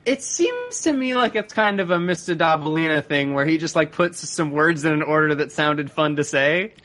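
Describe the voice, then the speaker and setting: High, bright-voiced man chatting. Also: moderate pace. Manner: rambling, joking, swears freely. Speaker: podcast co-host. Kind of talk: casual chat.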